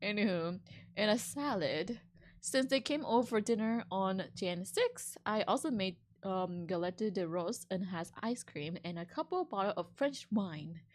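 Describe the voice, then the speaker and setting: A woman streamer reads an online story to her viewers and reacts as she goes. Her voice sits at a middle pitch, and her comments are animated, slangy and openly indignant. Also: unhurried. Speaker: VTuber streamer. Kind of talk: reading and reacting to online stories.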